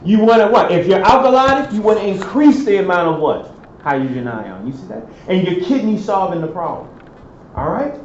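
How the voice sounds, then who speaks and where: A man's voice: sits high, animated, a little fast, a little mellow. A male professor giving a classroom lecture, quizzing students and answering his own questions. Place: lecture hall. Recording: echoey lecture hall, dull sound, faint hiss.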